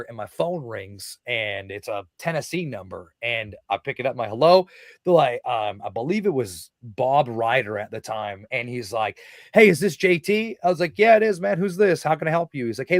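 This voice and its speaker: A man in his thirties, a podcast guest telling a wrestling story in casual, excitable talk, swearing often and acting out quotes. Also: medium pitch, dry recording.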